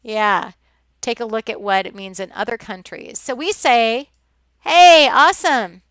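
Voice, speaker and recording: A woman's voice: medium pitch, normal speed, fairly bright tone, clear, resonant tone, no room sound. A woman with a Midwestern American accent, a college instructor talking through slides in a chatty lecture full of ums and restarts. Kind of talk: recorded lecture over slides.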